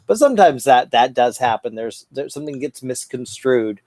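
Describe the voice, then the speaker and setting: A man hosting a casual podcast chat, talking in an animated, rambling way with lots of restarts and swearing. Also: medium pitch, moderate pace, no echo. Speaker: podcast host.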